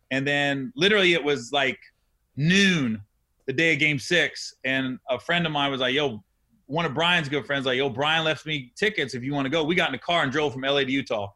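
A man in his forties, a comedian hosting a casual chat, telling animated stories with lots of laughter. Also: on the high side, a little fast. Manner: animated, laughing, acts out quotes. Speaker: podcast host, comedian.

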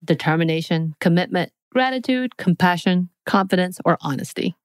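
A woman's voice: lowish voice, animated, normal speed, clean tone, no echo. A woman co-hosting a podcast, reading out quiz questions in a playful, teasing way. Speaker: podcast co-host. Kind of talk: casual chat.

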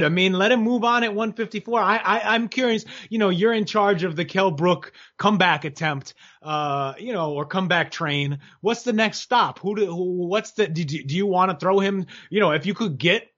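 A man with a fairly high voice rambles through a casual sports chat on a podcast, joking and restarting his sentences. The audio is a little dull and lo-fi. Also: normal speed, a bit bright. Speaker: podcast co-host.

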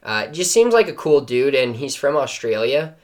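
A man's voice: mid-range voice, big pitch swings, normal speed. A man co-hosting a casual golf podcast over a video call, enthusiastic and rambling, swearing freely. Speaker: podcast co-host. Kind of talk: casual sports chat.

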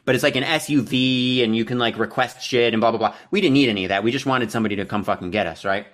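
A man's voice: mid-range voice, fast, a bit bright. Profane, exasperated young man telling a story. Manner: profane, self-deprecating, exasperated. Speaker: podcast co-host. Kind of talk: casual storytelling rant.

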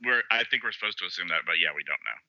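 A man with a low voice and a sharp, forceful tone chats about comics and laughs easily. The sound is dry and a little dull. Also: expressive, very fast, no room sound. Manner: laughs easily, explains comic history conversationally. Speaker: podcast co-host. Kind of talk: casual chat.

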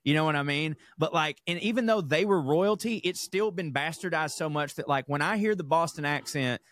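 A man, co-hosting a podcast with animated, profane chat. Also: a little high, a little fast, no echo, clean studio sound. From American South. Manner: animated, profane, laughing asides. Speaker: podcast co-host. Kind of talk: casual chat.

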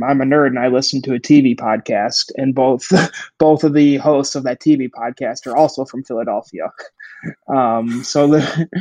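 A man's voice: medium pitch, a little mellow, no room sound, rough recording. A young adult man co-hosting a podcast, chatting casually with a hesitant, filler-heavy delivery. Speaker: podcast co-host. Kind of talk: casual chat.

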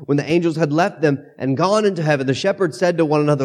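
A pastor with a cold preaching a sermon into a microphone, reading scripture aloud and then talking it through in a conversational way. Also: male voice, a little high, fast talker, hardly any pauses, a little mellow. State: has a cold, coughing.

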